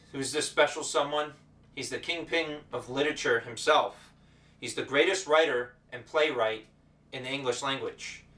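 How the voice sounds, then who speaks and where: A man teaching as the host of an educational show, talking in a playful, energetic showman style with repeated greetings. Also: mid-range voice. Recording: roomy echo, voice distant from the mic.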